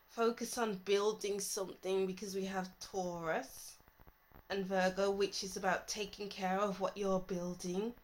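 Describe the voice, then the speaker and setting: A woman's voice: medium pitch, rough recording. A woman giving a casual tarot reading, thinking aloud and musing as she lays out cards. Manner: thinking aloud, musing, trailing off mid-thought. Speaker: tarot reader.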